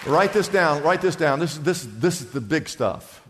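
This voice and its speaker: Brief: male pastor, high voice, lively sermon delivery with repeated phrases, big echoing church hall. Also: moderate pace, crowd noise, background noise. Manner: animated preaching, repeats phrases, asks the congregation questions. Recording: long hall reverb.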